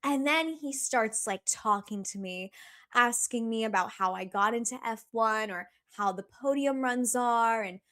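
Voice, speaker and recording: A young woman tells a story as a guest in a casual podcast chat. Her voice is bright and sits a little high. She talks in a loose, profane way and fills her sentences with "like" and "okay.". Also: measured pace. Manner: chatty and profane, full of "like" and "okay".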